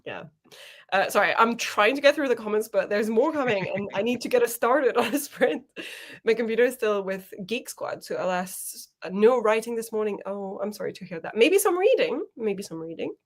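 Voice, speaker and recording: A woman's voice: fairly high pitch, a little fast. A young adult woman co-hosting a livestream, chatting casually and reading out viewer comments, laughing often. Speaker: co-host of a writing sprint stream.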